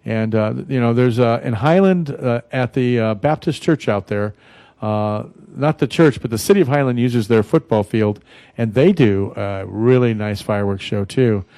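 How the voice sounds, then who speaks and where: A man's voice: mid-range voice, moderate pace, mellow, no room sound. Guy hosting a radio talk show, rambly and folksy, lots of uh's, dry studio mic. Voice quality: rambling, folksy, many fillers and restarts.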